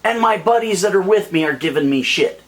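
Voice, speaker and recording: Exasperated male vlogger with a high voice, heated ranting monologue. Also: expressive, a little fast. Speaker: YouTube vlogger.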